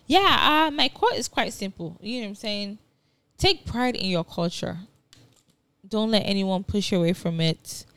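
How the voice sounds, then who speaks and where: A young woman co-hosting a podcast, chatting casually and bantering, animated and quick to argue and laugh. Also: mid-range voice, clean tone, no echo. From Nigerian heritage, raised in Rhode Island. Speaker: podcast co-host. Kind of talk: casual chat.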